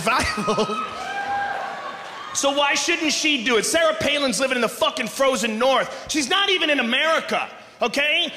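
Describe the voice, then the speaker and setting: Stand-up guy yelling into a handheld mic, high-ish voice, big roomy hall with a long ringing reverb. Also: noisy background. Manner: loud, often shouting, profane and brash. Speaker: stand-up comedian. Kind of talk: live stand-up comedy. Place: large live venue on stage. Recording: echoey hall, live ambience.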